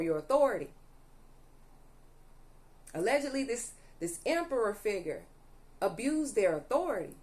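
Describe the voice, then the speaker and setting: A young woman reading tarot cards to her viewers, emphatic and repetitive, often stopping to ask "okay?". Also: medium pitch. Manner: emphatic, repeats "allegedly" and "okay?", audibly angry at times. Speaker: tarot reader.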